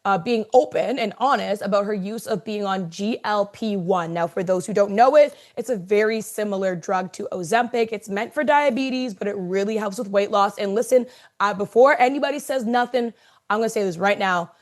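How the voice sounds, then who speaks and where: A woman's voice: mid-range voice, moderate pace. A woman co-hosting a sports podcast, talking conversationally with fillers and building to emphatic points. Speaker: podcast co-host. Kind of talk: casual chat.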